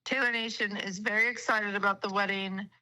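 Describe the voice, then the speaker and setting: A woman joins a stream as a guest and chats casually, giggling and dropping slang. Her voice is bright and forward at a middle pitch. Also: steady tone, a little fast, poor audio. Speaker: guest caller. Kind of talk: casual chat.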